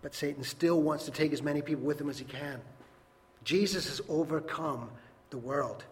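A man preaching a sermon in a church hall, earnest and emphatic, rising loud and dropping soft. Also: on the high side, moderate pace. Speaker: pastor. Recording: long reverb, faint background noise.

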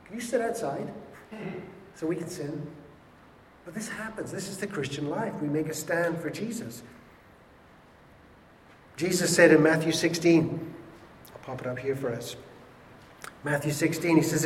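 Male pastor, emphatic sermon delivery, slightly high voice, long hall reverb with faint room noise. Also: normal speed, long pauses. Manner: emphatic, repeats words for stress. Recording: echoey hall with faint ambience.

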